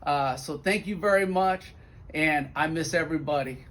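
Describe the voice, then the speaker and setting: A school principal tells stories to donors in an animated, personal way. His voice sits fairly high for a man, and he acts out what others said. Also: normal speed. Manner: warm, animated storyteller who acts out quotes. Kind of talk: storytelling update video to donors.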